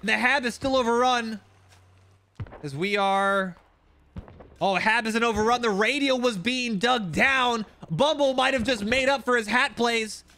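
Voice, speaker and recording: A man commentating recorded shooter gameplay, excitable and quick to react, with wry asides. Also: very high voice. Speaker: gaming channel host.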